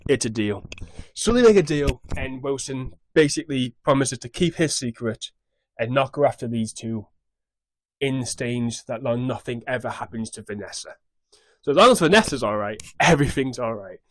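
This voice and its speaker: A man's voice: medium pitch, animated, normal speed, fairly bright tone, no room sound. A young man casually recapping a show on his vlog in a scattered, rambling way, swearing freely. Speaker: YouTube recap host.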